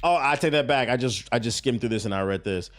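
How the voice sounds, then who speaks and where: A man hosting a casual gaming news show, telling stories in a profane, animated way. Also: medium pitch, fast talker, loud music behind the voice.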